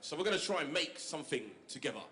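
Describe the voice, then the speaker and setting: High-voiced man performing poetry. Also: lively intonation, fast. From East London. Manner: rhythmic, rising to shouted call-outs. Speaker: spoken word poet. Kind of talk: spoken word performance to an audience.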